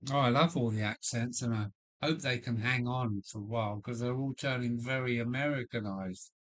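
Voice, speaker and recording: An older man from Kent with a Kent accent, chatting casually and rambling on a livestream. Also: medium pitch. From Kent, England. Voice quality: slow and rambling, with frequent restarts and fillers. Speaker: livestream host. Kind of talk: casual chat. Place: home loft.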